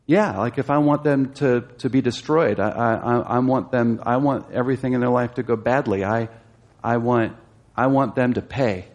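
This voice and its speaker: A man's voice: mid-range voice, fairly even intonation, normal speed, a little mellow, dull audio. A man teaching a Bible study class, explaining a passage and asking his listeners questions, growing emphatic as he exhorts.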